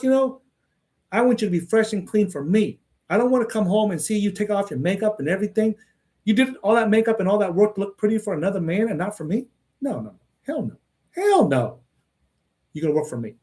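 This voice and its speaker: Man, livestream host, casual monologue; brash, blunt delivery, a touch higher pitched than most. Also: a little mellow. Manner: repeats "man" and "okay?" as tags.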